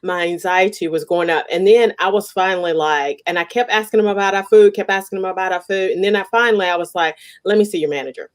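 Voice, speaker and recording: A woman's voice: medium pitch, quick pace, few pauses. A woman hosting a casual interview, telling stories animatedly and laughing often. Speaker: podcast host.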